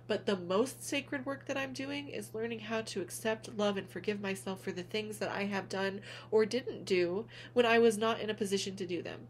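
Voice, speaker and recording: Gentle earnest woman vlogger. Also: medium pitch, steady tone, moderate pace, few pauses, slight background noise. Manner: gentle, earnest, calls listeners "honey". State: tearful at moments. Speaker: spiritual vlogger, reader. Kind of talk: heartfelt direct-to-camera vlog.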